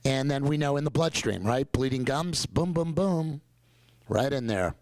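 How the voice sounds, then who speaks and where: A middle-aged man with a New York accent delivers a lively, joking conference talk, pushing his points with emphatic repetition. His voice sits at an ordinary pitch for a man. The sound is dry, with little room around it. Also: moderate pace, dry recording, low-quality recording. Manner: animated, joking, emphatic storyteller. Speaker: dentist giving a talk. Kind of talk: conference presentation.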